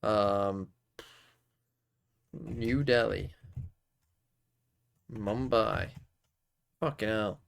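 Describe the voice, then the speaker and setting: Gravelly man muttering quiz guesses. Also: fairly low pitch, fairly even intonation, drawn-out words, long pauses, a little hiss or hum. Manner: muttering guesses with frequent swearing. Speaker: streamer. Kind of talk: casual live-stream commentary while playing quiz games.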